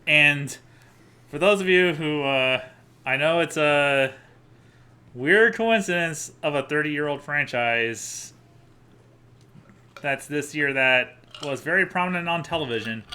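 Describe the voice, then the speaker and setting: A man's voice: a little high, lively intonation, slow, pauses often, pushed and bright. A man guest on a podcast, adding film trivia in casual chat. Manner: trivia asides.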